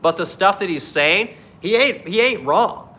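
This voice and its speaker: A man's voice: high voice, animated, unhurried, sharp tone, husky, rough recording. A man talking into his phone on a live stream, swearing constantly in a blunt, heated political rant while answering chat. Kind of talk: angry profane political rant.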